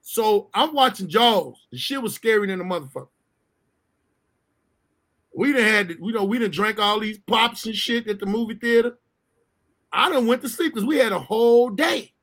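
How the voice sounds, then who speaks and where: A man's voice: sits high, normal speed, pauses often. A man telling a profane, comic childhood story in casual chat, laughing and acting out other people's voices. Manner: animated, laughs often, acts out voices, swears freely.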